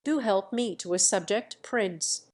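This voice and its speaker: A woman reading the part of an eager young woman who paints, with a pleading, lively manner. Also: mid-range voice, a little slow, natural voice.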